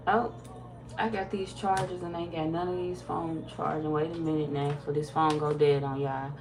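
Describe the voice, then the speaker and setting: A woman's voice: low-pitched, flat delivery, moderate pace, background noise. Laid-back woman chatting on a livestream. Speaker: tarot reader. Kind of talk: casual livestream chat reading viewer comments.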